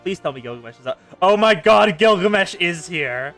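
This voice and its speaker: An excitable man commenting live over his gameplay, exclaiming often. His voice is high and bright, jumping all over its range. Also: moderate pace, soft background music. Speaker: game streamer.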